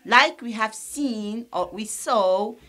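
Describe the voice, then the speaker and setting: This is a woman from Algeria teaching English pronunciation at a slow, deliberate pace. She repeats each sound for the class, occasionally switches to Arabic to explain things, and her tone is sharp and on the high side.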